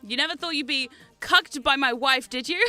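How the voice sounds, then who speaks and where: A woman's voice: sits high, moderate pace, sharp tone, faint music behind. A woman streamer chatting casually to her viewers on a livestream, laughing often and swearing freely.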